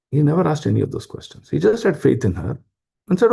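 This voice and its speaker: Man, informal scripture talk, husky and dark-toned. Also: a little high, sing-song, fast talker. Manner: explanatory, asks rhetorical questions, many fillers. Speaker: spiritual class speaker.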